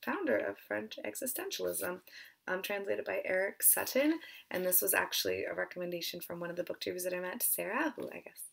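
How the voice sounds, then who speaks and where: A woman talks casually as a book vlogger, her mid-pitched voice full of gravelly vocal fry. She sounds a little out of breath and hesitant, tripping over names and slipping into whispered asides. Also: brisk. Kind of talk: casual chat.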